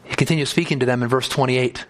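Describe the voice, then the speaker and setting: A man's voice: medium pitch, fairly even intonation, fast talker. A man preaching an expository sermon, reading scripture aloud and explaining it, speaking the text's lines in first person with rising emphasis. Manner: reads scripture aloud, then explains it in plain words.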